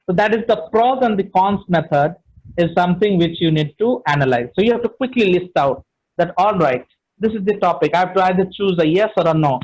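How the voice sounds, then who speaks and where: Recorded in low quality, this man's voice is high with a darkish tone and a brisk pace. Middle-aged and speaking with an Indian English accent, he leads an online session on speaking, stressing points firmly and leaning heavily on "you know" fillers.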